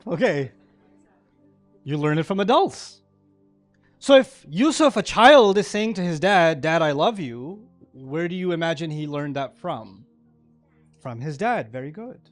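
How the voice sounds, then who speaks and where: A man giving a sermon-style lecture to a live audience, animated and often checking in with listeners. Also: fairly high pitch. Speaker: Islamic speaker.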